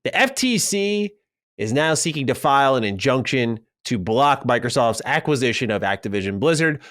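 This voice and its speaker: A man's voice: medium pitch, a bit bright, no echo, studio quality. A man hosting a gaming podcast in casual chat, reading out news items and quotes. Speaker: podcast host.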